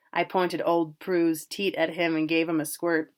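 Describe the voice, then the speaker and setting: A woman reading a first-person novel aloud in a plain, unhurried way. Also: low-pitched, level tone. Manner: plain, unhurried, with casual asides about pronunciation. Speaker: reader.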